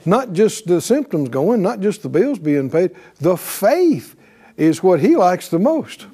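This man's voice sits high and swings widely in pitch, with a dark, slightly rough tone and a somewhat slow pace. Preaching a sermon with emphasis, he keeps asking his listeners "right?" and reads scripture aloud, slipping into voiced quotes.

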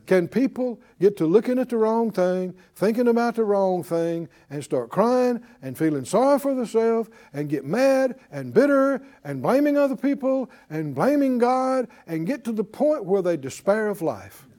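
A man preaching to a Bible class, calling out for responses and swinging between loud and soft. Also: high-pitched, sing-song, normal speed, few pauses. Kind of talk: lively sermon teaching.

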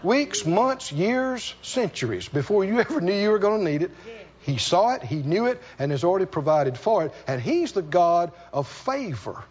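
High, expressive male preacher; emphatic sermon storyteller, slightly muffled recording. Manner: storytelling with animated asides and laughter; emphatic, repeats key lines slowly.

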